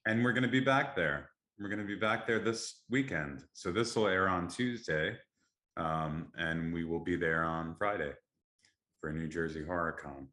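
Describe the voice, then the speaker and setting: A man's voice: low voice, moderate pace, bright, forceful tone. A man hosting a casual podcast, talking in an upbeat, enthusiastic way. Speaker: podcast host. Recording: echoey room.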